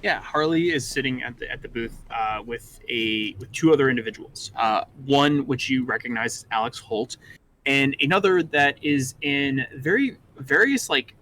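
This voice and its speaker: Bright-voiced man running a tabletop game. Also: medium pitch, moderate pace, a little hiss or hum, low-quality recording. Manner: casual, many fillers. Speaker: game master.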